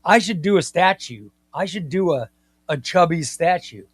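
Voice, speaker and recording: A man hosting a comics live stream, chatting in an excitable, rambling way and often repeating himself. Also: a little high, normal speed, husky, no echo. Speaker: comics livestream host. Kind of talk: casual live-stream chat.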